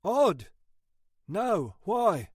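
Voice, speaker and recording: A doubtful, plain-spoken policeman, as a male narrator voices him, pitched up high and shrugging things off. The delivery is lively and slow, with a dry, close sound. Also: husky, no echo, exaggerated voice. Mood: skeptical. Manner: skeptical, offhand.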